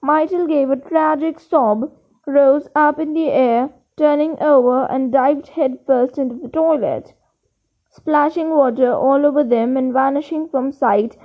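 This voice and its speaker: High-voiced woman reading a novel. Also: unhurried, phone-quality sound. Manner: plain reading with occasional slips and restarts. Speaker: audiobook reader.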